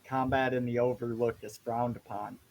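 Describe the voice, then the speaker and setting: A man narrating as dungeon master of a tabletop game, in a slow, even way. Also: mid-range voice, slight background noise, rough recording.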